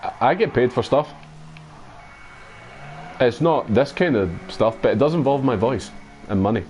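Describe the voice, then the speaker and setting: Sweary Scottish gaming streamer. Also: male voice, mid-range voice, animated, normal speed, a little mellow, slight background noise. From Scotland. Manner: sweary, laughs often, mocking. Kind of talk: casual gaming stream chat.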